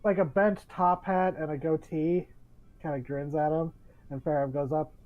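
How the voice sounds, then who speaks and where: A man's voice: on the high side, fairly even intonation, moderate pace, no echo. A man narrating as game master of a tabletop game, rambling with many fillers and restarts. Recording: dull lo-fi audio.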